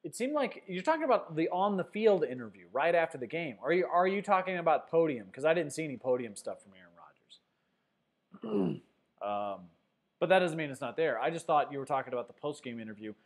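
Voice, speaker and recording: A man's voice: on the high side, very animated, fairly quick. Chatty man hosting a sports stream. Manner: chatty, teasing viewers, many fillers. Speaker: sports show host. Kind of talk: casual livestream sports talk, reading chat. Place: Denver.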